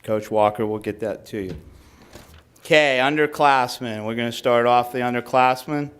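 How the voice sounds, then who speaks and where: A middle-aged man, a high school football coach, giving an awards speech at a team banquet, reading out names slowly with rambling asides and fillers. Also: a bit bright, smooth.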